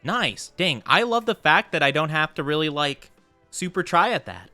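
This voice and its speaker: A VTuber livestreams a game, reading chat and firing back flustered, playful denials whenever viewers tease him. His voice sits slightly high, lively and bright with a forceful push, at a normal speed. The recording is dry with no room sound, though faint music plays underneath.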